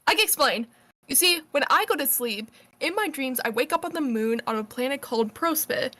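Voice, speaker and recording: A woman's voice: sits high, expressive, fairly quick, sharp tone. A woman reading a letter aloud as a cheerful, earnest girl, in her own voice.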